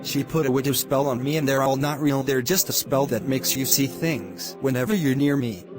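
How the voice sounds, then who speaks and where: Synthetic man voicing a curious spellbound captive, mid-pitched, flat reading, music behind. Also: normal speed, lightly acted. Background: background music.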